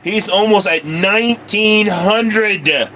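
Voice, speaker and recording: A man's voice: high-pitched, slow, sharp tone, slight background noise. A man streaming himself at slot machines, out of breath, coughing often and grumbling at the machine in casual chat. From Colorado, USA.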